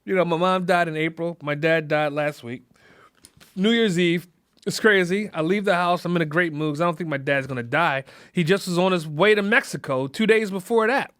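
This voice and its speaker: A man's voice: fairly high pitch, a little fast, fairly bright tone, smooth, dry recording, studio quality. A man hosting a podcast, talking in a rambling, reflective way with many fillers. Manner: rambling, frequent fillers, laughs through grief. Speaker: podcast host. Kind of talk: casual reflective monologue.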